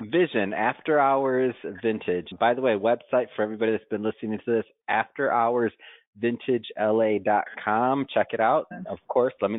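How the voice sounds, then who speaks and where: A man's voice: medium pitch, dry recording. Brief: male podcast host from the Midwest, upbeat and rambling, dry tinny phone-line sound. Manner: enthusiastic, rambling. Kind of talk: casual interview.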